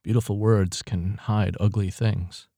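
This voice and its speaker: A man reading a story aloud, voicing a sorrowful male singer-songwriter who speaks quietly and gravely. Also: lowish voice, fairly even intonation, measured pace, dry recording, clean studio sound.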